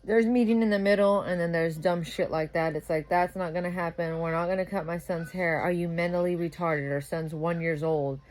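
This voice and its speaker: A sleep-deprived young new mother rants to the camera in a casual, profane monologue. Her voice sits a little low, and she keeps swearing as she gets heated. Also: fairly even intonation, a little fast, few pauses. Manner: profane, ranting, grows louder and heated. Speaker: vlogger.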